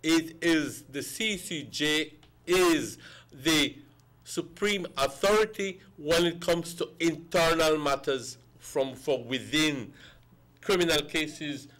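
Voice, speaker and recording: A man's voice: fairly high pitch, slow pace, a bit bright. A man, a guest on a morning talk show, arguing emphatically and repeating words for stress. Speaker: guest commentator.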